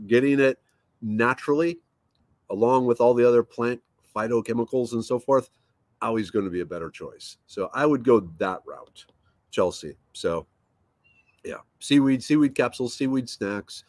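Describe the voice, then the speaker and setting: With a medium pitch, lively intonation and moderate pace, a man speaks without echo. He's a livestream host at home, easily rambling as he reads viewer comments and thinks aloud using fillers.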